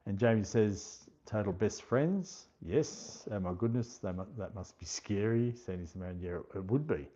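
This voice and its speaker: A low, mellow-voiced Australian man hosts a relaxed livestream and chats easily with his viewers. He reads their comments aloud, thanks them by name and laughs often. His voice comes through a husky, dull lo-fi stream. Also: moderate pace, hardly any pauses. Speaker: livestream host. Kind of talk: casual chat, reading viewer comments aloud.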